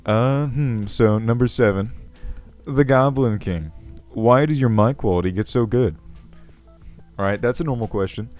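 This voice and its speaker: A man's voice: medium pitch, a little slow, a little mellow, natural voice. A man voicing a self-important, ancient male goblin king who rambles, with a crackly voice, over faint background music. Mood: pompous. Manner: pompous, rambling, self-assured. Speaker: video host. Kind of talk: character comedy Q&A.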